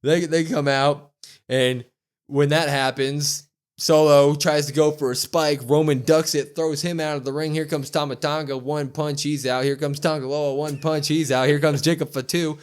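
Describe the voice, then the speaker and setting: A man co-hosting a podcast, excitedly retelling a show and acting out the quotes. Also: a little high, normal speed, clear, resonant tone. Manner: animated storytelling, acts out quotes with loud whoops. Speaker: wrestling podcast co-host. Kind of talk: excited casual recap.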